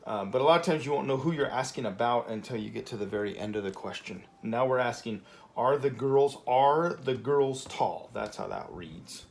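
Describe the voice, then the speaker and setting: Relaxed man teaching, many fillers. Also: lowish voice, fast, creaky, hardly any pauses. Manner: relaxed, chatty, many fillers and "okay?" checks. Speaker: Spanish teacher. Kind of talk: casual classroom lesson at a whiteboard.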